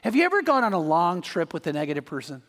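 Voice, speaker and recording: A man's voice: high-pitched, very animated, fast, fairly bright tone. A man preaching a sermon as pastor, emphatic, with repeated words and joking asides. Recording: long hall reverb.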